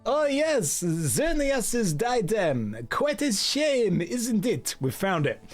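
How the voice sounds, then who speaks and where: A fussy museum curator, as a man puts him on in a hammy mock German-French accent, pitched well above a normal speaking voice. Each line is drawn out slowly and theatrically, with lively swoops in pitch. It plays like a game character in a comic read. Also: faint music behind, full character voice. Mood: regretful. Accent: put-on mock German-French accent. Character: fussy middle-aged male museum curator.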